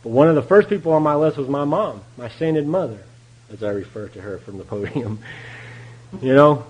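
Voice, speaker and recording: A man with a drawl talks to a recovery meeting in a folksy, candid way. His voice sits at an ordinary middle pitch, and he tells his story plainly, laughing now and then. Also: expressive, normal speed, a little mellow, slightly rough, low-quality recording. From Texas. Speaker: AA meeting speaker. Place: meeting room.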